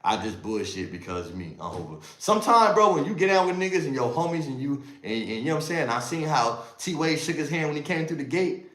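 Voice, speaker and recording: A man telling a story on a livestream in animated street slang, swinging between loud and quiet with emphatic oaths. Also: fairly high pitch, brisk, roomy sound, poor audio.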